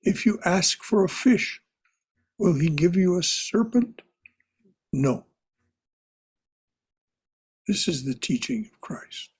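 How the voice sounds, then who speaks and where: Slow, husky-voiced male spiritual teacher. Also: high voice, lively intonation. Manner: repeats phrases, soft and contemplative. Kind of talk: slow reflective class teaching.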